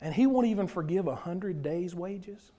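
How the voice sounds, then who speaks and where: Brief: earnest male preacher, unusually high pitch, teaching verse by verse. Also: animated, moderate pace, mellow. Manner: earnest, explaining scripture verse by verse. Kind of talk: sermon.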